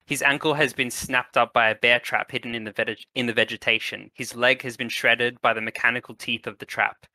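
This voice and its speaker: A man's voice: mid-range voice, fairly even intonation, fairly quick, pushed and bright, dry recording. A man acting as game master, narrating a tabletop game in a loose, partly improvised way. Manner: loose, hesitant, with fillers when improvising.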